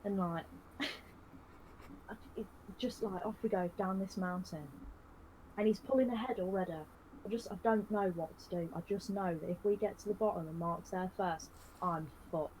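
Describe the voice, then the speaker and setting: A woman spins a long, rambling comic tale while streaming a game, deadpan and full of "like" and "you know". Her voice sits at an everyday middle pitch, with a faint hiss of noise behind it. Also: normal speed, poor audio. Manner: rambling, filler-heavy, deadpan. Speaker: live streamer. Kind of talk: comic in-character storytelling.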